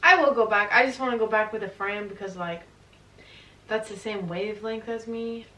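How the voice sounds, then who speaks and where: A woman's voice: mid-range voice, moderate pace, pushed and bright, echoey room, distant mic, poor audio. A young woman vlogger chatting casually and giggling often, filler words all through, answering couples questions.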